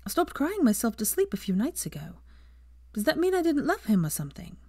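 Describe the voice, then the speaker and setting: A woman voicing an earnest young adult witch who speaks softly, often near a whisper. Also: high-pitched, very animated, brisk, no room sound, clean studio sound, pitched above the performer's own voice. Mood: wistful.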